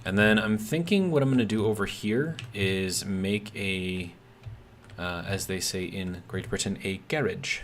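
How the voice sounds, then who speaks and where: A man with a Midwestern American accent talks over his game in a low-pitched, easygoing voice. He rambles from task to tangent, leaning on "like" and puzzled asides. Faint keyboard clatter sits behind him. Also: unhurried, a little hiss or hum. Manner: rambling, filler-heavy, bemused asides. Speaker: game streamer. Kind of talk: casual gameplay commentary.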